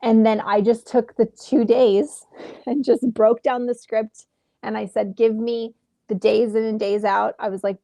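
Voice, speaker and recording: Creaky-voiced woman telling a story. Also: medium pitch, no room sound. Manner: animated, acts out quoted exchanges. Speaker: actress guest. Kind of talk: casual interview storytelling. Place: home.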